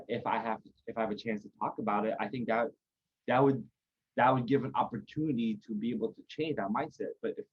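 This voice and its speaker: A husky-voiced man speaks as a podcast guest, rambling through his points with plenty of fillers. The audio is dull and lo-fi. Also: fairly low pitch. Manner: rambling, lots of fillers and restarts. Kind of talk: casual conversation.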